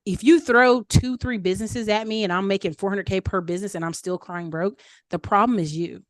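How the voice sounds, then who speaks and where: Candid woman chatting bout money stuff, mid pitch, dry close sound. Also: fairly even intonation, a little fast, dry recording. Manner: candid, chatty, acts out quoted voices. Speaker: guest speaker answering questions. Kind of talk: casual advice talk.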